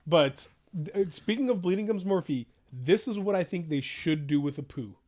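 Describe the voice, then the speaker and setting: A man co-hosting a casual podcast, who weighs both sides in a measured way before disagreeing. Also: sits high, expressive, a little mellow. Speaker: podcast co-host.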